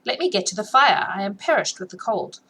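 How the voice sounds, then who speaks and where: A woman's voice: medium pitch, lively intonation, fairly quick, sharp tone, a little hiss or hum, rough recording. A woman reading as a merry, impatient young noblewoman. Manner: lilting, mock-dramatic.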